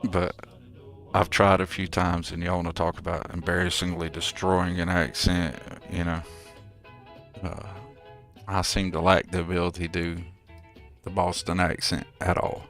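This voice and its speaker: A man streaming a game, chatting casually and good-humoredly with his viewers in a relaxed, rambling way. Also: deep voice, moderate pace, faint music behind. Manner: laid-back, good-humored rambling to chat. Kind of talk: casual live gameplay commentary.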